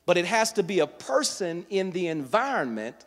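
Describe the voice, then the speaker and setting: A man preaching a sermon as pastor, teaching from scripture and building to fervent, loud delivery. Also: sits high, big pitch swings, moderate pace, long reverb tail.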